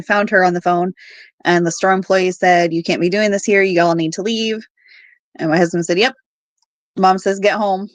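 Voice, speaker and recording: A woman in her thirties telling her own family story on a podcast, halting often with fillers and quoting what people said. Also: on the low side, no room sound. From Alaska. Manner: halting, with fillers and quoted dialogue. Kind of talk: personal story told on a podcast.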